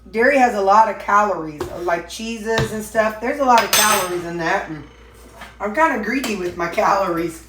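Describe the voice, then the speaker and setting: A medium-pitched woman rambles through a chatty diet vlog in her home kitchen, full of fillers and restarts. The audio has a little hiss or hum, plus echo and the clatter of dishes.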